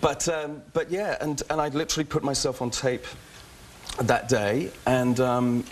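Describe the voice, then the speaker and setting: A man with an English accent talks fast and loosely as a talk-show guest, tripping over his own starts and laughing easily. His voice sits at an ordinary middle pitch. A faint hiss of background noise runs under the studio sound. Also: little pitch movement. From England. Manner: quick, chatty, many restarts and laughs. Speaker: guest actor. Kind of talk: casual talk show interview.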